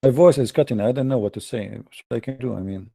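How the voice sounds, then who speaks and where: Taunting man with a dark, dry voice. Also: medium pitch, fast talker, vocal fry, no echo. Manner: mocking, taunting, emphatic. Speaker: live-stream debate host. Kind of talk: combative live-stream debate.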